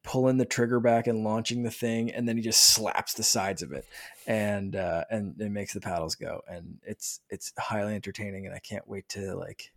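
A man in his thirties chatting casually as a podcast host, talking with excitement and often restarting his sentences. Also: fairly low pitch, moderate pace, creaky. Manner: rambling, excited, many restarts. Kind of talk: casual chat.

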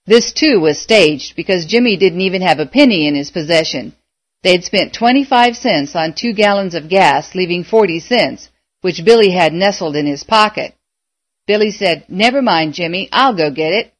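A woman narrating a story aloud in a measured, expressive way. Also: lowish voice, no echo. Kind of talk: audiobook narration.

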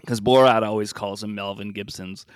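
A man's voice: lowish voice, fairly even intonation, normal speed, clear, resonant tone, no echo, studio quality. A man co-hosting a podcast in casual chat, joking and laughing often. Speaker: podcast co-host.

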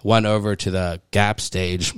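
A man co-hosting a podcast in a studio, telling a long story with lots of laughter and sudden high jumps in his voice when he acts out the panicked moments. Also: a little slow, smooth, no echo. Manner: animated storyteller, laughs through his words. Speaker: podcast co-host.

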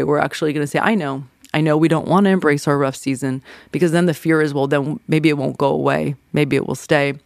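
A woman's voice: sits low, darkish tone, no room sound, clean studio sound. A middle-aged woman therapist hosting a podcast, giving casual, conversational advice with frequent fillers.

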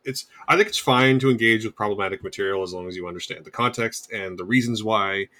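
A man's voice: fairly low pitch, quick pace, pushed and bright. A man hosting a podcast in casual chat, rambling and wry, often restarting his sentences. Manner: rambling, self-correcting, wry. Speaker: podcast host.

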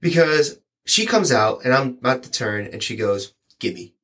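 Man in casual chat, animated storyteller voicing customers' lines. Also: mid-range voice, moderate pace. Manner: rambling, animated, acts out quoted lines. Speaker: delivery driver sharing stories.

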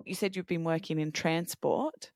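An Australian woman hosting a podcast, explaining clearly and deliberately before interviewing a guest. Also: low voice, steady tone, darkish tone, dry recording, studio quality. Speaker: podcast host.

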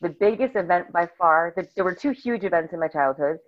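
A middle-aged woman from northern New Jersey, a bubbly, animated guest telling stories in a casual interview. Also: on the low side, brisk. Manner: bubbly, animated storyteller who acts out quotes. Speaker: podcast guest. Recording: slightly dull lo-fi audio.

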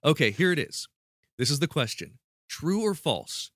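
A man's voice: on the high side, sing-song, normal speed, a bit bright, no echo, clean studio sound. A man hosting a casual podcast quiz, playful and prone to restarting mid-sentence. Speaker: podcast host running a quiz.

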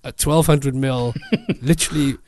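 Animated man telling a story. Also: medium pitch, measured pace. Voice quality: animated, laughs often. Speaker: photographer guest. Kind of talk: casual storytelling.

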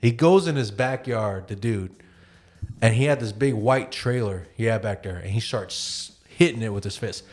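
A man hosting a podcast and telling a long, animated story, swearing freely and acting out the voices of the people in it. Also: on the low side, normal speed. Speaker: podcast host. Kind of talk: casual storytelling.

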